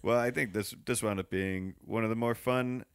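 A man's voice: on the low side, steady tone, moderate pace, smooth, dry recording, studio quality. A man co-hosting a podcast, chatting casually and laughing often as he mimics friends in goofy voices. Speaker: podcast co-host. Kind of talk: casual joking chat.

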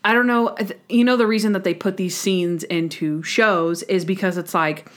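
A woman's voice: on the low side, fairly even intonation, normal speed. A woman co-hosting a casual chat about a TV episode, talking with enthusiasm and acting out characters' lines in changing voices. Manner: enthusiastic, acts out quotes in shifting voices. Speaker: podcast co-host.

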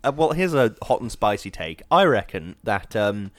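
A man, chatting casually on a podcast, animated and acting out quoted voices as he talks. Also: lowish voice, normal speed, no room sound. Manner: animated, acts out quoted voices, frequent "do you know what I mean". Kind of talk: casual chat.

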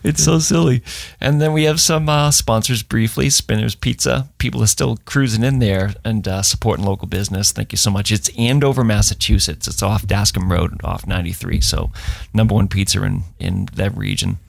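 A man's voice: fairly low pitch, normal speed, gravelly, hardly any pauses, dry recording, studio quality. A man from New co-hosting a hiking podcast, chatting casually, joking and reading sponsors. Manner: jokey, laughs often. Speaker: podcast co-host. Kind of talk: casual chat and sponsor reads.

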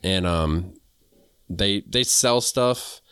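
A man co-hosting a casual gardening chat, rambling along with plenty of fillers. His voice sits low and sounds smooth and resonant. The sound is dry and close. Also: very slow, no room sound. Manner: relaxed, rambling, many fillers. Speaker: podcast co-host.

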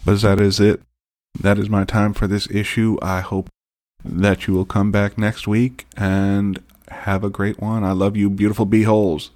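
A man's voice: fairly low pitch, flat delivery, moderate pace, darkish tone. A middle-aged man hosting a podcast, telling a personal story in a candid, joking way and swearing freely. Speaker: podcast host.

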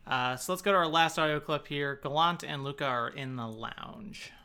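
A man's voice: a little high, normal speed, sharp tone, slight background noise. A man co-hosting a podcast, chatting casually with dry joking asides. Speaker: podcast co-host. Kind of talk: casual chat.

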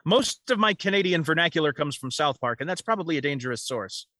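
A man co-hosting a podcast in casual chat, making quick dry jokes. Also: fairly high pitch, expressive, bright, forceful tone, no echo. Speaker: podcast co-host.

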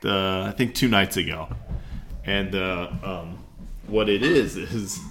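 A man's voice: sits low, slow, noisy background. A man co-hosting a podcast, telling a funny story in casual banter and acting out the quotes. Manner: storytelling, acts out quotes with laughter. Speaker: podcast co-host.

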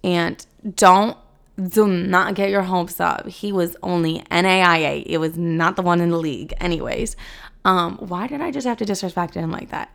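Gravelly-voiced young woman podcaster. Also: lowish voice, moderate pace. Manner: chatty, heavy on filler "like", swears freely. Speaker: podcast host. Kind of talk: casual solo podcast chat.

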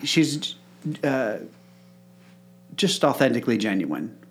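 A man's voice: mid-range voice, big pitch swings, slow. Agreeable male podcast host. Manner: agreeable, encouraging, eager to prompt. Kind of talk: casual interview chat.

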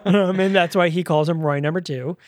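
A man's voice: high voice, brisk, dry recording, studio quality. A man co-hosting a podcast, chatting casually about a movie and retelling scenes with quoted lines. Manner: animated scene retelling with acted-out quotes and laughs. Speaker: podcast co-host. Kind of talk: casual movie review chat.

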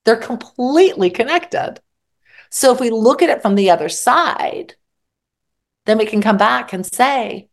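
A woman's voice: on the high side, animated, a little slow, gravelly. A woman psychologist giving direct advice in an interview, acting out examples of what people say to themselves. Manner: direct, acts out quoted self-talk. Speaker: psychologist guest.

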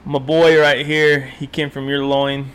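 A man's voice: medium pitch, little pitch movement, measured pace, a bit bright, clean tone. A young man co-hosting a casual podcast, laid-back and swearing often. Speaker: podcast co-host. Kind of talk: casual chat.

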